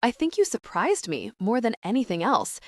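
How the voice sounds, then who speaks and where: A woman's voice: a little high, wildly swooping pitch, moderate pace, no room sound, clean studio sound. Woman voicing a hurt teenage girl, Julie. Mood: candid. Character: hurt but composed teenage girl, candid. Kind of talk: audiobook character reading.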